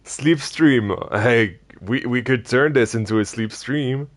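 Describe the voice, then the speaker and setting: A man streaming a game, chatting casually and rambling with many hesitations, his voice going a little hoarse. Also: mid-range voice, slow pace. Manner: rambling, hesitant, hums tunes softly. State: losing his voice. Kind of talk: casual live-stream chat while playing.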